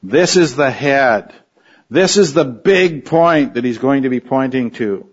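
A man's voice: medium pitch, animated, unhurried, husky, muffled recording. A man preaching an expository sermon in a conversational way, often stopping to restart his sentences.

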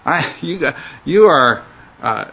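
A man's voice: a little high, very animated, takes it slowly, creaky, fairly bright tone, breathy edge, exaggerated voice. A man voicing a scornful male evil spirit who mocks a band of exorcists. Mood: mocking. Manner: mocking, challenging. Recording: dull lo-fi recording.

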